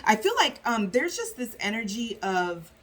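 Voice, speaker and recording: Very animated and a bit bright, this tarot reader's voice leans high as she chats with viewers in a relaxed, filler-heavy way. Throughout the reading she briefly performs voices for the people and spirits she describes.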